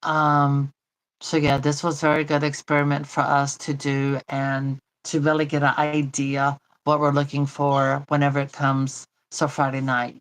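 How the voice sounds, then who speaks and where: A woman's voice: sits low, monotone, moderate pace, low-quality recording. A woman hosting a doll channel, chatting casually while she demonstrates.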